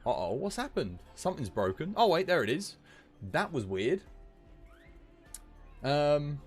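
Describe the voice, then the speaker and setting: A man's voice: fairly high pitch, wildly swooping pitch, slow pace, long pauses, husky, faint music behind. A man giving jokey live commentary while streaming a game, laughing often.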